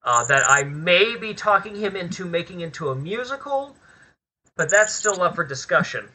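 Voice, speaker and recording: A man being interviewed as a filmmaker and actor, talking in an animated, rambling way with plenty of swearing in a casual chat. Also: high-pitched, moderate pace, poor audio.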